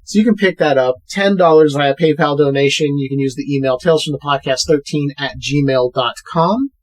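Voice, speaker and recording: A man's voice: fairly high pitch, a little fast. A man hosting a podcast, chatting casually and rattling off plugs and promos. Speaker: podcast host.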